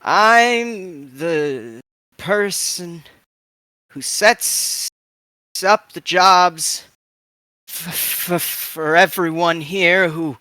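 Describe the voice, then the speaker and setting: A man voicing a frail, shrewd old woman who stutters and speaks slowly in a tabletop game. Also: sits high, pushed and bright, no room sound, pitched above the performer's own voice, heavily acted. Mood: sly. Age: older. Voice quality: stuttering, slow voice. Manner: sly, calculating. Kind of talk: tabletop role-play voicing.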